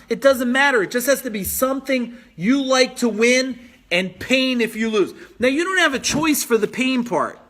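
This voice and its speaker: Energetic male business coach, very high, sharp voice, pushy and repetitive, live from home. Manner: energetic, pushy, repeats phrases for emphasis. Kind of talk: motivational live-stream talk reading viewer comments.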